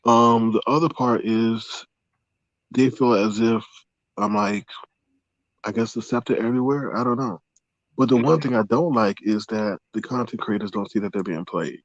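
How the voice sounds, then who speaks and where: A man joining a casual live-stream chat as a guest, answering in a measured way and laying out his points one by one. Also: medium pitch, no echo. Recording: dull, dry lo-fi audio.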